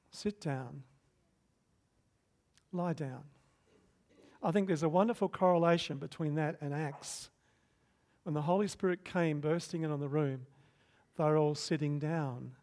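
Preaching man, loud then hushed. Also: on the high side. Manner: swings from loud emphatic bursts to soft hushed stretches. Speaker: pastor. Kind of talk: sermon.

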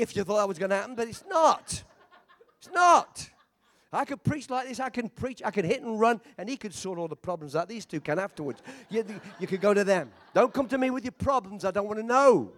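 A man preaching a sermon as a visiting preacher, impassioned, swinging between shouting and quiet storytelling, with joking asides. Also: high-pitched.

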